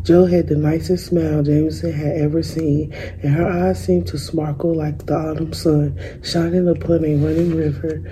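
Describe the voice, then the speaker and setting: Brief: young female student, picture-book read-aloud, gentle pace, low-ish warm voice. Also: level tone, slight background noise, poor audio. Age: young adult. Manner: gentle, unhurried reading with small slips.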